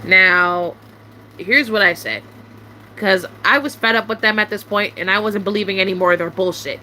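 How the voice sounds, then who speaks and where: A young woman venting to camera in a casual monologue, irritated and swearing often, with sharp rising outbursts. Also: mid-range voice, moderate pace, slight background noise.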